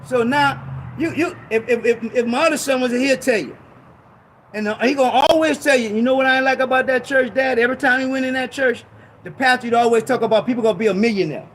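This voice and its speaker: A man in impassioned, preachy talk on a ministry show, emphatic and repetitive, with casual slang, at times rising to shouts. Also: extremely high pitch, fast talker, slight background noise. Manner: conversational street slang.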